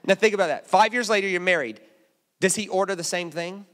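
A man preaching a sermon in a church, telling humorous stories and dropping suddenly to hushed asides. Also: high-pitched, brisk. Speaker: guest preacher. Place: church auditorium.

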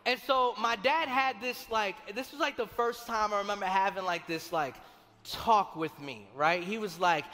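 A young adult man, a pastor preaching a sermon and telling stories from his own life in a conversational, animated way, acting out the voices he quotes. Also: high-pitched, moderate pace. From Colombia. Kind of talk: sermon with personal storytelling. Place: large church hall. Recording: long reverb of a church hall, faint music.

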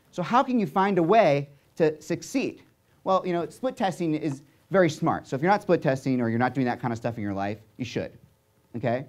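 A young man with a fairly high voice tells a story animatedly to an audience, often checking in with "right?" and "okay?".

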